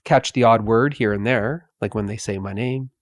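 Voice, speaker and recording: A man giving a meditative spiritual talk, speaking softly with long pauses between phrases. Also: lowish voice, no room sound, clean studio sound. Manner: slow, pausing, softly spoken. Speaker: spiritual teacher.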